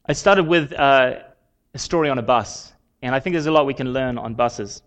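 A man giving a sermon in a conversational way, with frequent pauses and fillers. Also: medium pitch. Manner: conversational, halting with many fillers. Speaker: preacher.

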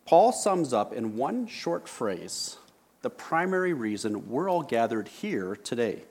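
Man, pastor, sermon, church sanctuary, unhurried emphatic preaching, mid pitch, slow pace. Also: sing-song, darkish tone, slightly rough.

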